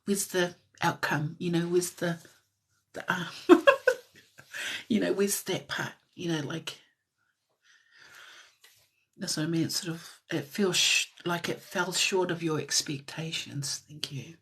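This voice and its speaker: A woman giving a live-stream tarot reading in a soft, musing way that drifts into whispers, with frequent light laughs. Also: lowish voice, steady tone, unhurried, pauses often, slightly rough. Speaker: tarot reader.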